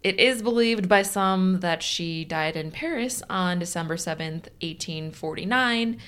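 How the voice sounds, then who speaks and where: A woman's voice: on the low side, a little slow, a bit bright, clean tone. A woman co-hosting a chatty podcast, reading out history with frequent laughs. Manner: laughs often, reads facts aloud. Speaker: podcast co-host. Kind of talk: casual chat, reading a story.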